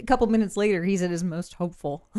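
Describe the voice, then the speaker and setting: A woman co-hosting a podcast in a casual fan discussion, playful and quick to laugh. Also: fairly low pitch, mellow, dry recording, studio quality. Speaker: podcast co-host.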